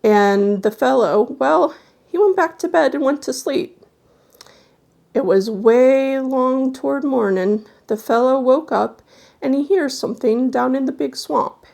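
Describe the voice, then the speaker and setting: A woman reading a folksy horror tale aloud, then chatting softly and hesitantly to her viewers. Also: high-pitched, unhurried, vocal fry. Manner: folksy storytelling dialect, then soft hesitant chat. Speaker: storyteller.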